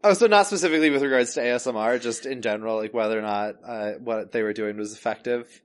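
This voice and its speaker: A man co-hosting a podcast in casual chat, hesitant with many fillers and restarts, with a dry, deadpan humor. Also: medium pitch, fast talker. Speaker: podcast co-host.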